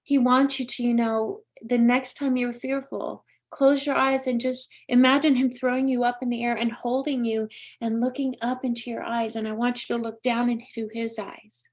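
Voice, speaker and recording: A woman's voice: on the high side, level tone, normal speed. A woman hosting a live-streamed psychic reading, speaking earnestly and emotionally straight to a viewer. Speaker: psychic medium host.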